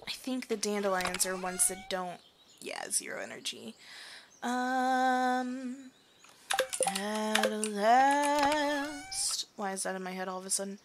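A young woman with a medium-pitched voice chats casually over her farming game as she plays, singing, muttering to herself and poking fun at herself. She's a gaming streamer doing let's-play commentary, and there's noise in the background.

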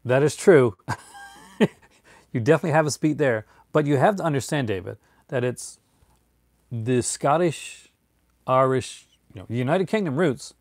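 A Newfoundland streamer with a medium-pitched voice and the local accent chats with his viewers, rambling casually from one tangent to the next. The recording is dry and studio quality; he's from Newfoundland, Canada.

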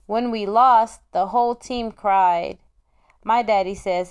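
Slow, smooth woman storyteller. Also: medium pitch. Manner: gentle, measured reading. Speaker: storybook reader. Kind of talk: children's book read aloud.

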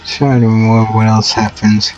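A man's voice: fairly low pitch, little pitch movement, normal speed, darkish tone, muffled recording, soft background music. A man giving casual, amused commentary while playing a dating game. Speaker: let's play host.

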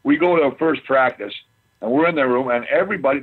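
Male interview guest, husky, loose and chatty, heard over a thin phone line. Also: medium pitch, fast talker. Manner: rambling, animated storyteller with many restarts. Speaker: guest, former football player. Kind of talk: casual storytelling interview.

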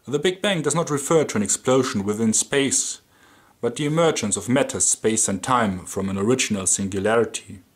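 A man's voice: mid-range voice, fairly quick. A man with a German accent delivering dry, sarcastic scripted commentary.

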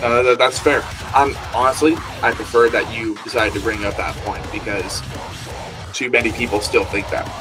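A man hosting a podcast, chatting casually and rambling excitedly, swearing now and then. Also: mid-range voice, normal speed, music in the background. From Australia. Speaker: podcast host. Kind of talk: casual podcast interview chat.

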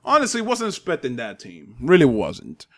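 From his apartment with neighbors upstairs, this young gaming host delivers profane trash talk over online play. His mid-range voice swings hugely in pitch and moves at a moderate pace.

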